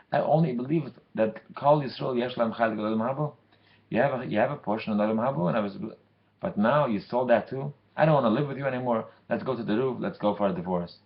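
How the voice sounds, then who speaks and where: A man's voice: lowish voice, brisk, gravelly, lo-fi sound. A man voicing the tavern keeper's furious wife, scolding her husband in a told story.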